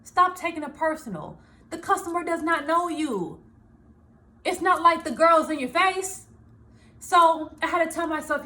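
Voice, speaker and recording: Woman, high voice, casual vlog talk, lively and laughing, plays out her inner thoughts. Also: measured pace. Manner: animated, laughing, acts out her own inner voice. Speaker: small business owner and vlogger. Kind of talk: casual self-help talk to camera.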